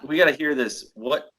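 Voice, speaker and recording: A man's voice: on the high side, fairly bright tone. A man hosting a casual interview, breaking in with short, stunned interjections. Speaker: podcast host.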